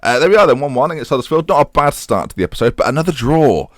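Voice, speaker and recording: A young man commenting on his own football management game, chatty and self-mocking, excitable when the match heats up. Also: mid-range voice, very fast, dry recording, studio quality. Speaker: gaming YouTuber.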